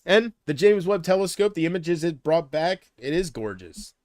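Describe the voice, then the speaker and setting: A man's voice: fairly high pitch, lively intonation, normal speed, darkish tone, no room sound. A man on a casual livestream, rambling and unsure, drifting between thoughts while he answers viewer comments. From United States.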